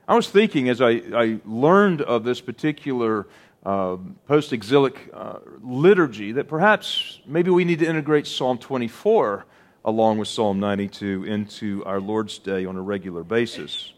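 A middle-aged man preaching a sermon, slow and deliberate, drawing out words for emphasis. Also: mid-range voice, animated. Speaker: pastor.

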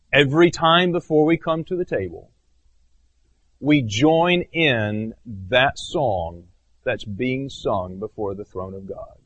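A man preaching a sermon as pastor, earnest, swinging between raised emphatic phrases and low hushed ones.

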